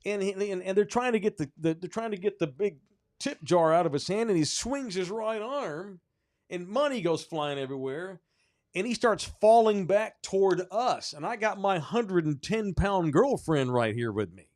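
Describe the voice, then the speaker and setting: A man co-hosting a sports podcast, telling a story in casual, animated, profane talk. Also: sits high, normal speed. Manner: animated, profane, rising when excited. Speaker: podcast co-host.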